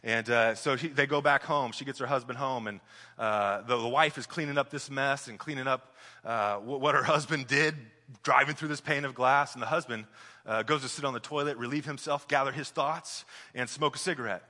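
Young male pastor, sermon delivery, piercingly bright timbre, swings between loud build-ups and soft drops. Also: mid-range voice, fairly quick. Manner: animated storyteller, builds up loudly then drops soft. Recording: long hall reverb.

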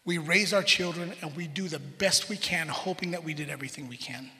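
High, very bright-voiced preacher man. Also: fairly quick. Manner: animated storytelling, acts out family scenes. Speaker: pastor. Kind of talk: conversational sermon. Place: church sanctuary. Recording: reverberant hall.

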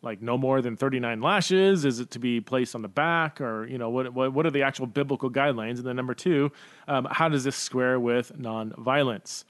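A man's voice: medium pitch, moderate pace, fairly bright tone, dry recording. A man hosting a Q&A podcast, thinking aloud with lots of fillers and restarts and stumbling over words. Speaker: podcast host. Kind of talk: casual Q&A podcast talk.

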